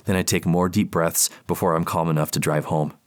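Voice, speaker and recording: A man's voice: low voice, little pitch movement, a little fast. A man narrating a first-person audiobook in a tense, panicked inner voice.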